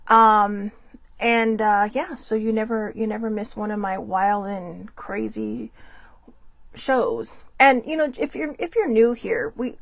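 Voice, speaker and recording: A woman's voice: mid-range voice, creaky, no echo. A woman hosting her own livestream, telling a story in a rambling, chatty way and laughing often. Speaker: host.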